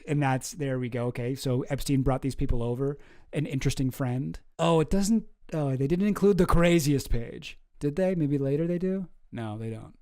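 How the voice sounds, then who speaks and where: A man's voice: medium pitch, normal speed, dark tone. A man giving casual, rambling, sarcastic commentary while reading news articles aloud, swearing now and then. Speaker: commentary vlogger.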